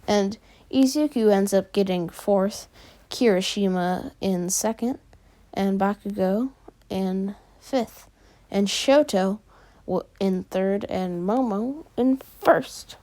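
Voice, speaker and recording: A woman casually narrating a fan story, filling pauses with frequent "uh"s. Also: medium pitch, warm tone.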